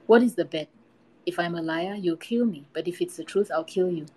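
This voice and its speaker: A woman's voice: on the low side, brisk, dark tone, lightly acted, poor audio. Woman reading as a murderous old forest man.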